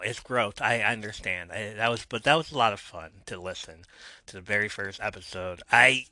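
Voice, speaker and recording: A man's voice: medium pitch, sharp tone, no room sound. A man hosting his own wrestling podcast, rambling casually with lots of fillers and restarts. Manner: rambling, filler-heavy, self-mocking. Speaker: podcast host. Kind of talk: casual solo podcast talk.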